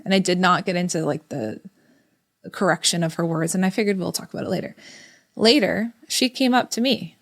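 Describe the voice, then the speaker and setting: Low-voiced woman co-hosting a parenting podcast. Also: fairly quick. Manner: reflective storytelling, quotes family dialogue. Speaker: podcast co-host. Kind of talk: casual parenting podcast chat.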